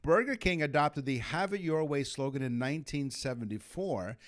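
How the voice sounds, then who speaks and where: A man's voice: a little high, expressive, normal speed. A middle-aged man from Canada co-hosting a trivia podcast, reading facts and cracking puns in casual chat. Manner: jokey, reads trivia with puns. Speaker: podcast co-host.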